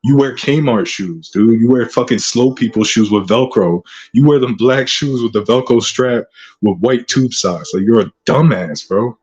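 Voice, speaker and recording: A man's voice: mid-range voice, a little slow, darkish tone, lo-fi sound. Profane, taunting man ranting on a vlog. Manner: aggressive, profane, taunting insults. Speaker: channel host.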